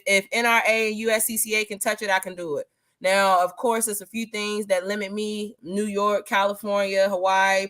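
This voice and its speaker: A woman who teaches firearms classes, speaking in a bright, clear voice. She talks casually and loosely and laughs easily. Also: medium pitch. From Maryland area. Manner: laughs often, relaxed colloquial speech. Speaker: firearms instructor. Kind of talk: casual interview talk.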